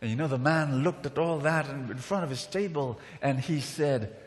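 A man's voice: medium pitch, normal speed. A man preaching to a crowd, speaking emphatically and calling for their responses. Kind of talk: sermon. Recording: reverberant hall.

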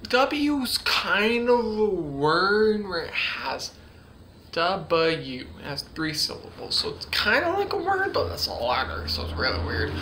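Slow, hesitant male ventriloquism teacher, bright voice. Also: high-pitched, slight background noise. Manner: hesitant, full of fillers, demonstrating sounds. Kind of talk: casual tutorial.

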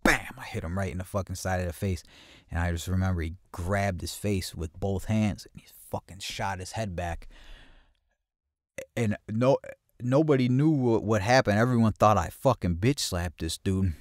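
Low-voiced man telling a rough story. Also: moderate pace, no room sound, studio quality. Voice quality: heavy swearing, acts out quoted voices loudly. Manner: blunt, streetwise, animated retelling. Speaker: podcast host telling a personal story. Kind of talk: casual storytelling monologue.

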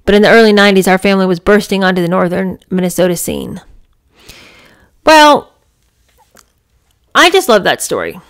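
A woman's voice: mid-range voice, expressive, quick pace, few pauses. A woman reading a memoir aloud and breaking off into chatty, enthusiastic commentary full of "you know" and "I mean". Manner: chatty, enthusiastic, many fillers. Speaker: book reader and reviewer.

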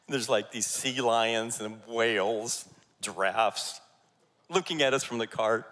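A man preaching a sermon as pastor, energetic and jokey, rallying his congregation. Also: medium pitch, takes it slowly. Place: church sanctuary. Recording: church hall reverb.

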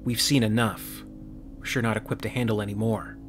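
Brief: a man playing a hard-nosed marine captain, low and commanding. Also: level tone, fairly quick, soft background music, lightly acted. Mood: stern. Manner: commanding, barking orders. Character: tough, gruff male marine captain.

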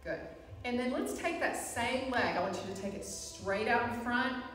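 A woman instructor guiding a live chair yoga class, with calm, encouraging cues and frequent reminders to breathe. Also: a little high, normal speed, distant mic, faint music behind. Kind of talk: live guided fitness class. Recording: echoey hall, voice from afar.

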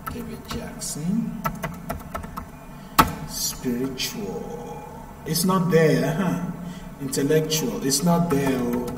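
A man's voice: a little high, darkish tone, slight background noise. A man teaching English pronunciation to a live class, patient and repeating points to drill them. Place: echoey classroom. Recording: roomy, echoey, from far off.

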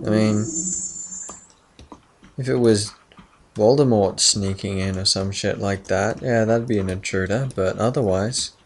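A man casually commenting on his own gameplay, rambling and muttering softly while he concentrates. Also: on the low side, measured pace, long pauses, a little hiss or hum. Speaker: let's play commentator.

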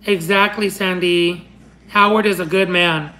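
A young livestream host whose first language is Spanish reads fan messages aloud in a lowish, steady voice at a measured pace, sounding pushed and bright over poor audio. She's affectionate and chatty, calling viewers honey and my love, rambling with restarts and laughter.

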